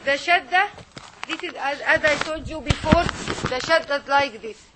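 A woman teaching a Quran reading lesson, patiently repeating sounds slowly for her students. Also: high-pitched, heavy background noise.

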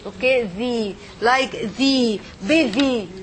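A woman language teacher with a fairly high voice speaks slowly as she leads a class of students, patiently modelling sounds and checking in with "okay?". Background noise can be heard in the classroom.

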